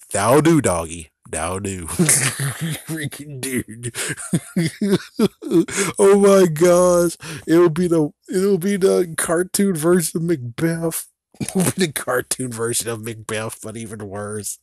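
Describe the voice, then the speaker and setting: A man's voice: mid-range voice, a little mellow, no room sound. Giggly ranting man, dry close mic. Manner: giggly, swears mildly, rants and jokes. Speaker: video reviewer. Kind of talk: rambling casual commentary.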